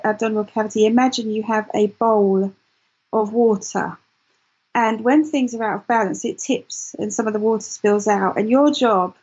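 A woman guest in an interview, telling her story in an animated way with many restarts. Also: fairly high pitch, slightly rough, highs cut off. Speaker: guest, client. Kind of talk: interview chat.

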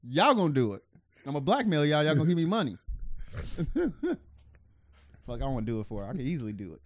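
A man's voice: mid-range voice, big pitch swings, normal speed, no room sound. A man co-hosting a podcast in casual chat, swearing freely, laughing often and restarting his sentences. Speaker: podcast co-host.

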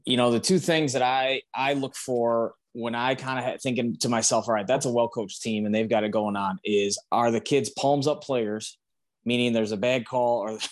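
A coach talking on a podcast in a casual, conversational way. He is a man with a voice of ordinary middle pitch, and he acts out the lines he gives to the kids on his team. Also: fairly even intonation, moderate pace. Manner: conversational, acting out what he says to players. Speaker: high school coach. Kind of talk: casual discussion on leadership.

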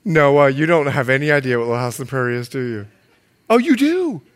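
A man preaching a sermon to a congregation, joking, acting out the lines he quotes, and sometimes shouting. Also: medium pitch, a little fast. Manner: animated, jokey, acts out quotes.

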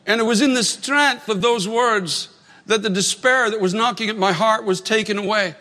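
A man's voice: high voice, normal speed, bright, forceful tone, big-room sound. A man preaching a sermon as pastor, telling stories earnestly and repeating phrases for emphasis.

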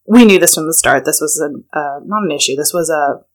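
Chatty woman wedding planner, lowish voice. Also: fairly quick. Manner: chatty storyteller, many fillers like "like". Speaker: wedding planner, podcast co-host. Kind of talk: casual podcast chat.

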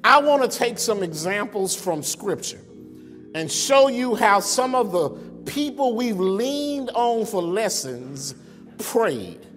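A man's voice: high voice, very animated, takes it slowly. Male pastor, conversational sermon delivery, reverberant sanctuary with faint music behind. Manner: conversational preaching with rhetorical questions. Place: church sanctuary. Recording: long reverb in a church sanctuary.

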